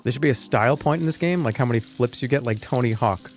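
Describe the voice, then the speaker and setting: A man streams a video game, talking loosely to his chat in a rambling, jokey way as live gaming commentary. His voice is mid-range and fast, with faint music in the background.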